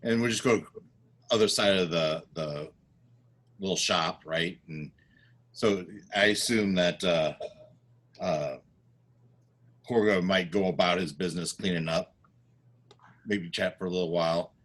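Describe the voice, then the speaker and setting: Husky-voiced man playing a tabletop game. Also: low voice, measured pace, long pauses, fairly bright tone. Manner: rambling, self-correcting. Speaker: player.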